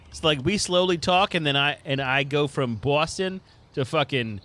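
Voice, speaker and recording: A man's voice: fairly high pitch, moderate pace, bright, forceful tone. A man playing a tabletop role-playing game, crude and joking. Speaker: player. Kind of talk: casual tabletop play.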